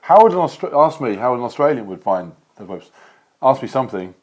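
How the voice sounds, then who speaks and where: A man's voice: medium pitch, big pitch swings, fast. A man hosting a casual vlog, chatting playfully while taste-testing food. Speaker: vlogger host.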